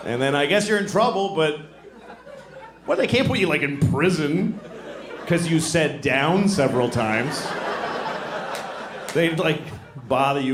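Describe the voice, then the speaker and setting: A man doing stand-up on a club stage, his voice swinging widely up and down as he riffs with wry exasperation. The club sound is roomy and echoing, with an audience's noise and laughter clearly audible around him. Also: on the high side, lively intonation, unhurried, long pauses. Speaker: stand-up comedian. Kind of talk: stand-up comedy set.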